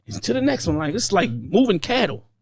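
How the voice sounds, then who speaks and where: A middle-aged man with a Baltimore accent, blunt and profane, chiming in quickly during a casual podcast chat. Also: high voice, very animated, vocal fry, husky, no echo, studio quality. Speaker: podcast host.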